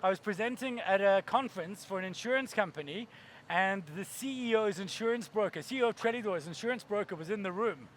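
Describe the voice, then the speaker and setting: Animated man on stage. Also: sits high, fairly quick, slight background noise. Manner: animated, acts out voices and laughs while telling stories. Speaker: keynote speaker. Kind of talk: storytelling keynote talk.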